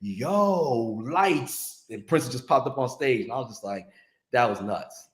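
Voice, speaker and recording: A man telling a story in casual chat, animated and acting out other people's lines. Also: medium pitch, a little fast. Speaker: podcast guest, music industry veteran. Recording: roomy echo.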